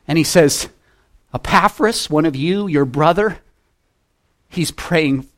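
A middle-aged male pastor preaching a sermon, swinging between loud emphasis and soft low asides and reading scripture in a slow, old-fashioned cadence. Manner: reads scripture in slow King James cadence.

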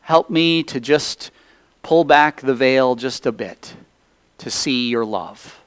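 A man's voice: mid-range voice, smooth, dry recording. A male pastor giving a sermon, leading a Scripture reading and then praying in an earnest, reverent way. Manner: slow, earnest, reverent pulpit delivery. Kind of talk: sermon with congregational reading and prayer.

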